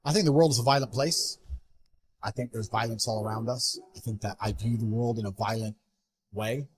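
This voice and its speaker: A man giving an interview, talking in a blunt, forceful, emphatic way. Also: on the low side, a little fast. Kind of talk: motivational interview talk.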